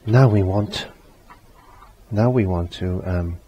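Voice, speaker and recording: A man with a fairly low voice talks a beginner through a painting lesson step by step. He is easygoing and chatty, often repeating a phrase while he works. A faint hiss sits behind him. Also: slow, warm tone, muffled recording. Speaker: painting teacher.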